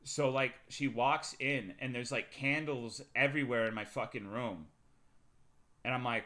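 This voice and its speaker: A male streamer telling a rambling, profane personal story to his live chat, swinging between loud bursts and muttering. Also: mid-range voice, fairly even intonation, a little slow. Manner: profane, rambling anecdote with big swings in loudness.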